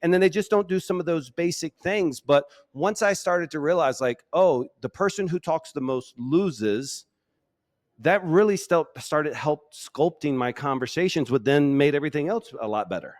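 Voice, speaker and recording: A man's voice: a little high, animated, moderate pace, no echo. A man hosting a sales podcast, enthusiastically affirming and building on his guest's points. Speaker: podcast host. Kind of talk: podcast interview.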